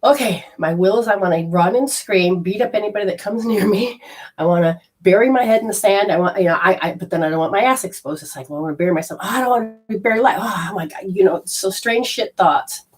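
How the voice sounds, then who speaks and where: A woman telling a personal story in a casual, animated way, swearing freely and acting out her own panic. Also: medium pitch, fast talker, slightly rough.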